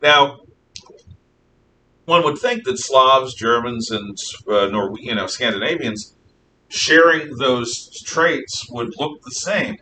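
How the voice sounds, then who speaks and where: A man's voice: expressive, takes it slowly, sharp tone. A man teaching a history class, lecturing in a rambling way with fillers and frequent self-corrections. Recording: echoey room, mic at a distance, faint rumble.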